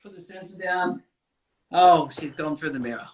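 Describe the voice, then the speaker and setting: Male tattoo artist, higher-pitched, rambling casual storyteller. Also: normal speed, a little mellow. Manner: rambling, swearing, many fillers. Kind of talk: casual chat.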